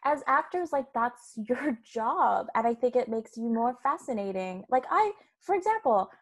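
A woman's voice: a little high, lively intonation, normal speed. An Australian woman hosting a podcast, chatty and rambling, often breaking into laughter. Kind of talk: podcast conversation.

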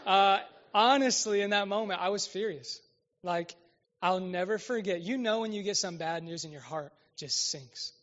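A man's voice: sits high, normal speed, a bit bright, lo-fi sound. A man in his late twenties preaching a sermon as pastor, talking conversationally and often checking in with the audience.

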